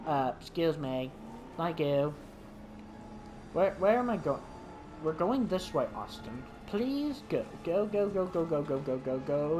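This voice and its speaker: A man giving let's play commentary who talks to the dinosaurs on screen and yelps and shrieks when startled. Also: on the high side. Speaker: gaming commentator.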